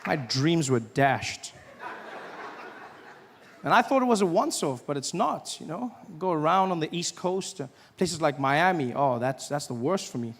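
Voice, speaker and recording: A South African man doing stand-up comedy on a large theater stage, animated and quick to jump into character voices. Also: a little high, a little hiss or hum. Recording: live theater hall with crowd laughter.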